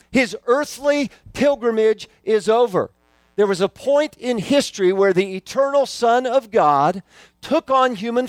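A man delivers a sermon in an earnest, emphatic manner, repeating his key phrases to drive them home. His voice sits fairly high for a man. The sound is dry and close, with little room echo. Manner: earnest, emphatic preaching with repetition. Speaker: pastor.

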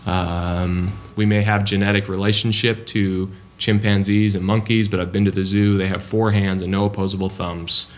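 A man's voice: low voice, flat delivery, moderate pace, few pauses. A man preaching a sermon in a conversational way, with frequent ums and restarts.

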